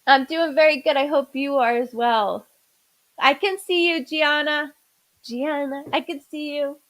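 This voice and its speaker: A woman's voice: sits high, unhurried, fairly bright tone, low-quality recording. A woman hosting a live psychic-reading stream from home, chatty and repeating viewers' names, stumbling over her words now and then. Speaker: psychic medium host.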